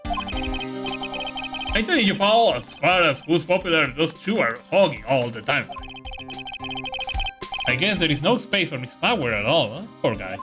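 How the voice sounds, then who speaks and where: A woman voicing a clumsy, gruff male police detective in a let's-play of a game. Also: low voice, sing-song, a little slow, pauses often, music in the background. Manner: gruff, blustering.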